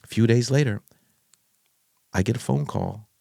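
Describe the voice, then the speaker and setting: A middle-aged man, a podcast guest, candidly telling a personal story in an animated way and stopping to restart his sentences. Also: medium pitch, moderate pace, vocal fry, dry recording, studio quality. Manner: animated, acts out others' voices, frequent restarts.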